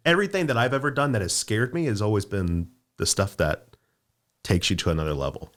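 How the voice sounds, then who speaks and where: A man's voice: lowish voice, lively intonation, brisk. A man hosting a casual podcast, chiming in with upbeat motivational remarks. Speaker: podcast host. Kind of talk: casual chat.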